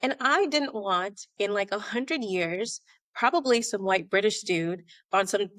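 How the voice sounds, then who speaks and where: An American woman telling her story as a podcast guest, animated and conversational, acting out remembered dialogue. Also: mid-range voice, measured pace, no room sound, studio quality. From United States. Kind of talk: conversational interview.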